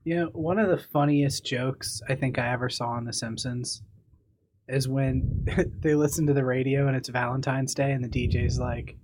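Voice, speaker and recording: A man of middle pitch co-hosting a podcast, chatting loosely and joking with his friend. He tells funny stories, breaks into bits of song and admits he shifts around a lot. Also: fairly even intonation, moderate pace, darkish tone, a little hiss or hum. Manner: joking, sings song snippets, restless. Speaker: podcast co-host. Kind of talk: casual chat.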